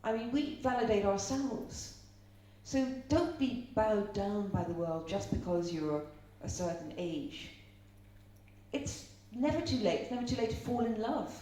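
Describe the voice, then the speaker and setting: Speaking a little slowly yet animated, a middle-aged Irish seminar speaker has a medium-pitched, warm voice. Her live talk is chatty storytelling with questions for the audience. Recorded far from the mic, with roomy echo and a faint hum.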